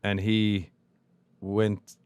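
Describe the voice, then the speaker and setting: A man with an Irish accent and a deep voice, chatting casually as a comedian guest, mumbling and laughing often. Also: monotone, drawn-out words, a little mellow, clear, resonant tone, no room sound. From Ireland. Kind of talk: casual chat.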